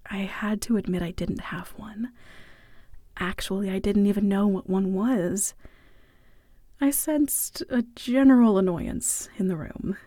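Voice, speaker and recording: A woman's voice: mid-range voice, warm tone, dry recording. Wry woman narrating a story, dry sound. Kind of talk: first-person story narration.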